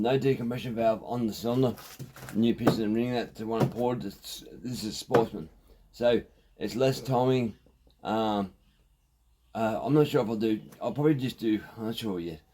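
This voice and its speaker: An Australian man talking casually in his shed about chainsaw repairs, rambling and halting, with plenty of ums and restarts. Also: fairly low pitch, noisy background. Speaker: chainsaw vlogger. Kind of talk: casual workshop vlog. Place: home shed.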